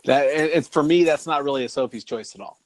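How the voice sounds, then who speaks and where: A man's voice: a little high, quick pace, no echo. A man co-hosting a podcast in casual chat, rambling and laughing often as he talks. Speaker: podcast co-host.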